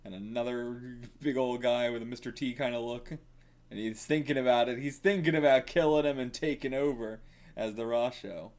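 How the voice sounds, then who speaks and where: A man giving casual reaction commentary while reading manga, excitable and thinking aloud, with frequent swearing. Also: mid-range voice, moderate pace.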